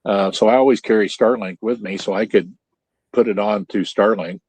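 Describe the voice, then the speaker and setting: A man's voice: lowish voice, fairly even intonation, moderate pace, darkish tone, slightly rough, no echo. Older man from central Illinois, folksy rambling host, dry close sound. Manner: folksy, rambling storyteller with many restarts. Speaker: podcast host. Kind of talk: casual chat. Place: home trailer. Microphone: Starlink video call.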